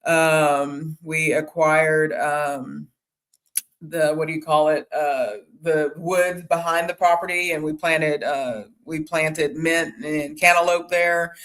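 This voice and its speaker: A woman talks casually as a guest on a live chat. Her speech is halting and rambling, with frequent fillers and restarts as she thinks aloud. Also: sits low, little pitch movement, fairly bright tone. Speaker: guest homesteader. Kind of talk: casual conversation.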